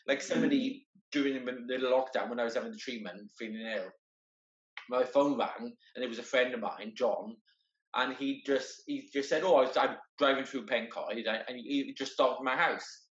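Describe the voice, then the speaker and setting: A man talks in a middle-pitched voice, earnest and halting, doubling back over his words as he goes. He is heard over a video call, and the sound is roomy and a little dull and lo-fi. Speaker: guest, wheelchair marathon entrant. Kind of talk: casual conversation.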